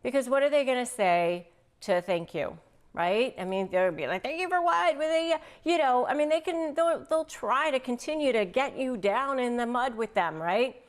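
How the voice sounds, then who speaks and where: A woman's voice: fairly high pitch, moderate pace. A middle-aged woman hosting an advice talk, speaking straight to her audience and acting out the phrases she quotes. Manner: lively, acts out quoted phrases. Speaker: host. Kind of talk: direct-to-camera advice talk.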